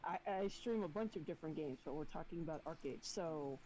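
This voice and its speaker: Lower-voiced unsure female streamer. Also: expressive, brisk, dark tone, slight background noise, rough recording. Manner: plain, unsure, trailing off. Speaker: game streamer. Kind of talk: casual gaming chat.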